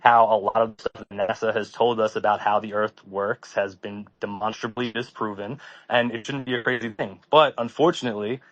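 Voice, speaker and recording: A man co-hosting a casual podcast, speaking in a deliberate, matter-of-fact way. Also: fairly low pitch, steady tone, fairly bright tone, no room sound. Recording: dull lo-fi mic.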